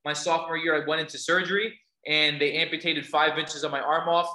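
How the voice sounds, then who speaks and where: A man's voice: a little high, steady tone, brisk, bright, forceful tone, echoey room, low-quality recording. A man giving a motivational talk to a live audience, telling stories and asking the listeners questions. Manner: storytelling, asks the audience questions. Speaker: motivational speaker.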